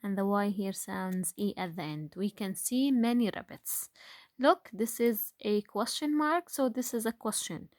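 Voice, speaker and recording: Woman teacher, very slow and patient, lots of fillers, dry close sound. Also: mid-range voice, no echo. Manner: slow, patient, with frequent fillers and rhetorical questions. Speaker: grade one teacher. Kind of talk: online phonics lesson.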